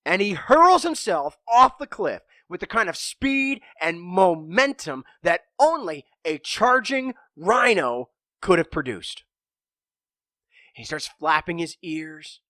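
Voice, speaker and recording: A man hosting a motivational podcast, telling a parable in an animated way and acting out the characters. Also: high voice, takes it slowly, dry recording, studio quality. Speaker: podcast host and speaker. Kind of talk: storytelling motivational talk.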